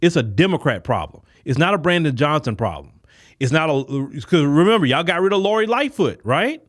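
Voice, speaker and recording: A man with delivers a political commentary like a sermon. His voice sits a little high and rises and falls dramatically as he argues. He keeps acting out imagined conversations to drive each point home. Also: very animated, brisk. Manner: preachy and emphatic, acts out imagined dialogues. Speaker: podcast host.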